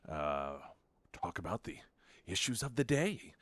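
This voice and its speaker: A man hosting morning talk radio, his voice bright and forward, recorded dry and close in a studio. He talks conversationally and opinionated, stumbling through fillers and restarts as he riffs on the day's issues. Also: deep voice, very animated, measured pace, dry recording. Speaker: radio talk show host. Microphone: studio microphone.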